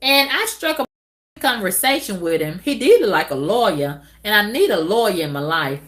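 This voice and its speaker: A middle-aged woman vlogging in a candid, casual monologue to her viewers, drawling with loud whoops and exclamations. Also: on the low side, animated, brisk.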